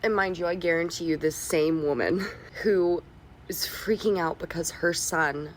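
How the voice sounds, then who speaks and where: A woman's voice: lowish voice, measured pace, a little hiss or hum. A woman giving an opinionated, exasperated monologue to a phone camera in a clip played on a podcast. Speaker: social media commentator in a played clip.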